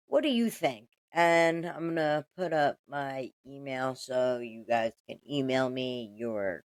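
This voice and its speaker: A woman's voice: medium pitch, dry recording. A woman commentator talking to her viewers in a casual vlog, indignant and rambling, swearing often and restarting her sentences.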